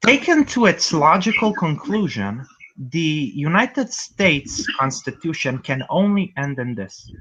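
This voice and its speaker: A man talking as a guest in a casual online group chat, quick and stammering, with sarcastic quips. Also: a little high, pushed and bright. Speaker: guest panelist. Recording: muffled lo-fi video-call audio.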